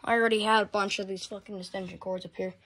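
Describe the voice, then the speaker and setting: Speaking quickly in a level, medium-pitched voice, this fan-collecting vlogger chats casually through a home vlog. She curses often, wanders off topic, and keeps fumbling with her equipment. The phone video was shot in a room at home and has loud fans whirring behind her.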